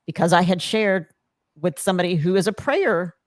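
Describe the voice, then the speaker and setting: A woman's voice: fairly low pitch, expressive, normal speed, no room sound. A middle-aged woman hosting a podcast, earnestly telling her own story of hardship and faith, quoting herself and others as she goes. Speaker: podcast host. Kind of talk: emotional personal storytelling.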